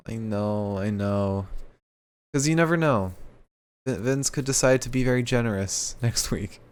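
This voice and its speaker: A young man co-hosting a podcast, chatting casually through a wrestling recap and acting out the quotes with animated put-on voices. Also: mid-range voice, unhurried, smooth. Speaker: podcast co-host.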